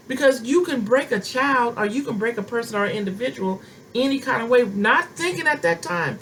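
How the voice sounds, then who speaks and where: A woman's voice: a little high, lively intonation, a little fast, a bit bright, a little hiss or hum. A middle-aged woman prophetess preaching a sermon, impassioned and driving her points home with emphatic repetition.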